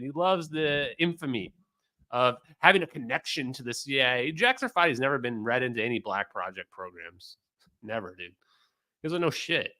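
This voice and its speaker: A man's voice: mid-range voice, bright, forceful tone. A man hosting a livestream, reacting to a clip in a mocking, profane way and talking to his chat. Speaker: streamer host.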